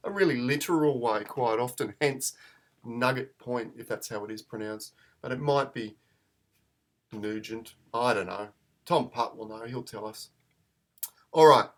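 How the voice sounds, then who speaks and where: A man, chatting in a rambling, self-deprecating way as he hosts a live photo-editing tutorial stream. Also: mid-range voice.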